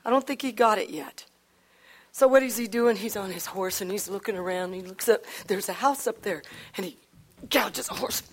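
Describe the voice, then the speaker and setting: A woman preacher telling a Bible story in a chatty, animated way with frequent laughs and asides. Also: medium pitch, normal speed, slight background noise. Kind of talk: sermon storytelling.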